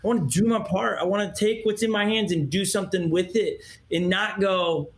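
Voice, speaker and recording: Man host, notably high pitch; earnest, heartfelt, restarts sentences mid-thought. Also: brisk. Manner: earnest storyteller, stumbles and restarts as he feels his way. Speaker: interview host. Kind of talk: heartfelt interview conversation.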